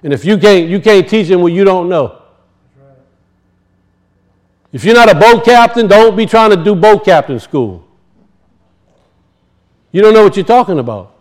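A man preaching a sermon, emphatic, slowing down to teach word meanings and dropping low and quiet for weight. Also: lively intonation. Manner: emphatic, slows to teach words, drops low and soft for weight.

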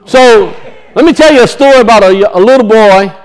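A man's voice: high voice, fairly quick. A male pastor, preaching a sermon in a church and telling a folksy story with frequent chuckles.

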